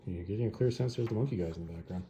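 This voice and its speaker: A man's voice: low-pitched, rapid-fire, mellow. A man hosting a comic review channel, recapping a story in a casual, rambling way with offhand asides. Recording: echoey room with faint noise.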